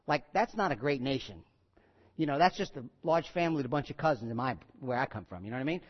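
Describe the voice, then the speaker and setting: A man preaching a sermon as pastor, emphatic and repetitive, putting questions to his listeners and moving between hushed and loud delivery. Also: medium pitch, expressive, quick pace, highs cut off. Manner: conversational, asks the congregation questions.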